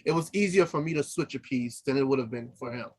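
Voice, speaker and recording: A man's voice: mid-range voice, quick pace, a little mellow. A man who is an opera singer, co-hosting a podcast in casual chat, laughing easily and trailing off and restarting as he tells stories. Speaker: podcast co-host.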